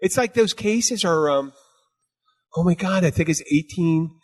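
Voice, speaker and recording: A man chatting casually as co-host, animated and ranting, swearing freely. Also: high-pitched, a little slow. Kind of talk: casual chat.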